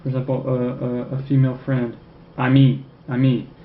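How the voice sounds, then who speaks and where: Male French teacher, mid-pitched voice, tags "okay?" after every point, dull lo-fi recording. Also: completely flat delivery. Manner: checks in with "okay?" constantly, repeats French phrases slowly. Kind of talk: recorded classroom lecture. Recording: echoey room, dull lo-fi sound, faint noise.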